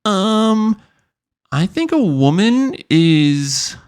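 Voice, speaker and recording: A man mocking a hesitant young woman interviewee, high-pitched and halting with fillers. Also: sing-song, a little mellow, clear, resonant tone, exaggerated voice. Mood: unsure.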